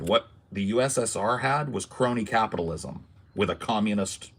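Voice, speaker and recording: Podcast host, male, low husky gravelly voice, emphatic ranter who swears. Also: normal speed, few pauses. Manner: emphatic, ranting, swears freely. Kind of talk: casual political podcast talk.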